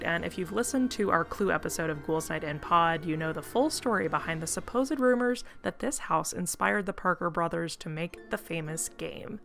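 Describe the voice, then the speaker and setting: A woman's voice: lowish voice, gravelly, a bit bright. A woman of about thirty narrating a travel vlog in an upbeat, gushing voice-over. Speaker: travel vlogger.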